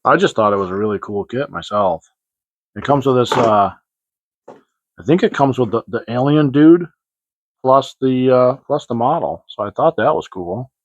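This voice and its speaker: Expressive and mid-range, this man's voice moves at a moderate pace with no echo as he hosts a hobby model-kit show-and-tell vlog. He rambles casually and hesitantly, with frequent fillers and restarts, in a dry, slightly dull lo-fi recording.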